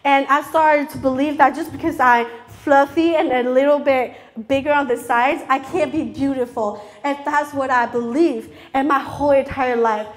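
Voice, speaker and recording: A woman preaching a sermon in English, her third language, earnest and open, often checking in with the audience. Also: sits high. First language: not English (English is her third language). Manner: earnest, confessional, asks the audience "okay?" often.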